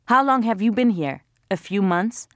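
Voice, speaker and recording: A woman voicing a bitter, scornful older housewife in an audiobook, mocking and accusing, a little higher than her narrating voice, in a dry recording. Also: lively intonation, moderate pace, no echo, close to an everyday voice. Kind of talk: audiobook character voice.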